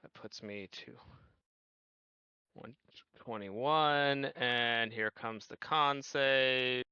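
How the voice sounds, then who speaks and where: A man in a tabletop game works through his numbers slowly and carefully. His voice is very bright and crisp, and it comes through a dry, dull mic. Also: mid-range voice, no echo. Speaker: player.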